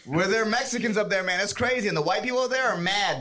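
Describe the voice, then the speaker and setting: A man's voice: high-pitched, quick pace. A man doing stand-up on a comedy club stage, delivering punchy setups and chuckling at his own jokes. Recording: live club set with roaring crowd. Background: loud audience laughter.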